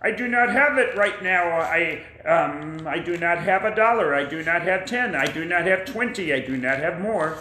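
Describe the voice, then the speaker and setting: A man's voice: high-pitched, lively intonation, moderate pace, few pauses, pushed and bright, echoey room, a little hiss or hum. A man voicing a poor friend who timidly pleads that he cannot pay in a puppet story. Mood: pleading.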